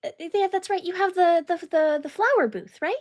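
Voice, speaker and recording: High-voiced halting woman player. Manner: apologetic, halting, many fillers. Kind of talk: tabletop role-play.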